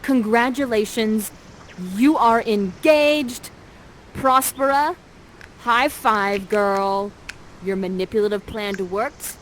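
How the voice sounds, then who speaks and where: A woman's voice: on the high side, slow, a little hiss or hum. A woman narrating an interactive live stage show in a bubbly, playful manner while directing the audience.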